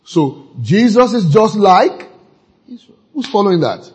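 Male preacher, husky and raised in pitch, reads verses and quizzes the congregation. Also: big pitch swings, a little slow, darkish tone, low-quality recording. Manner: questions the congregation and reads scripture aloud, rising to emphatic peaks. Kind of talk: call-and-response sermon.

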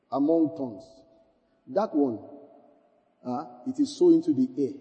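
A man preaches to his congregation from a big, echoing hall, his high voice leaping up and down. His tone is mellow and dark even when he presses a point. He keeps checking in with the room and repeats his lines to drive them home. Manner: call-and-response preaching, repeating phrases. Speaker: pastor. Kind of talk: sermon. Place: church hall.

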